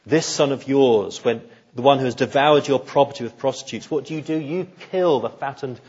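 A man voicing a resentful older brother who bitterly accuses his father, speaking in a husky voice. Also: mid-range voice, a little slow, highs cut off.

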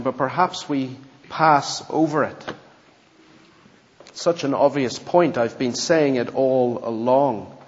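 A man preaching a sermon and reading a story aloud, in a measured, earnest way. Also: mid-range voice, in a large hall, lo-fi sound. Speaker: pastor.

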